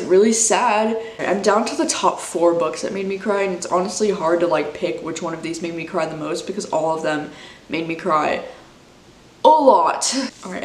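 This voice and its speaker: Gushing young woman, echoey room. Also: on the low side. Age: 20s. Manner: gushing, emotional, sprinkled with "like" and "dude". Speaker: book vlogger. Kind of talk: casual chat.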